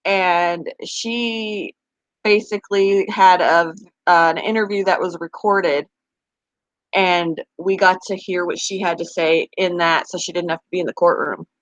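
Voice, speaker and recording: A woman's voice: fairly low pitch, fairly even intonation, unhurried, dry recording. A young woman hosting a casual live-stream chat about her pets, answering viewers' comments as they come in. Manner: chatty, talks back to viewers' comments. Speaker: pet channel host.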